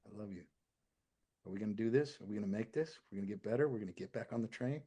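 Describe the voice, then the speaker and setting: A deep, husky-voiced man in his forties talking earnestly as a podcast guest. His talk swings from loud to a near hush when he gets personal. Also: fast talker. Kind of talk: casual podcast chat.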